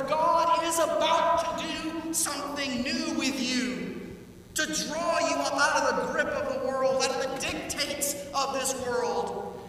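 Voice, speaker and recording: A high-pitched, bright-toned man preaches a lively sermon, acting out the quoted voices as he goes. He sounds a little far from the mic, and his voice rings through a church with a long reverb tail. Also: a little hiss or hum. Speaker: pastor. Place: church sanctuary. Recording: echoey church hall, heard from a distance.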